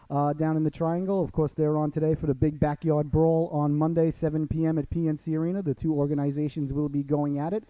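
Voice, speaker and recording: Rambling Long Island radio host. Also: male voice, a little high, no room sound. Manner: rambling, full of "you know" fillers. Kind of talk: casual radio chat. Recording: dull, dry lo-fi audio.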